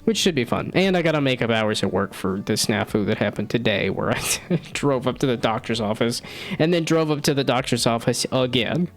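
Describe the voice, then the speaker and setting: A man in his thirties talks loosely to his stream, wandering from thought to thought with a lively, bouncing pitch. He pokes fun at himself and laughs easily, with faint music running underneath. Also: brisk. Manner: rambling, self-deprecating, laughs often. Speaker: streamer and hobby game developer. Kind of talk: casual live-stream chat.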